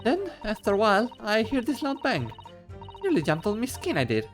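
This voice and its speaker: Man putting on a high cockney girl voice, brash street urchin, swinging pitch. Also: huge pitch swings, normal speed, faint music behind. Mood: grumbling. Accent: Cockney put on. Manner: brash, streetwise, dropped H's. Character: cheeky young female London street pickpocket.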